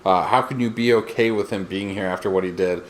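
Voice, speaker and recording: Podcast co-host, man, deep voice, dry teasing recap chat. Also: fairly even intonation, a little fast, a little hiss or hum. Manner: dry teasing humor, many fillers.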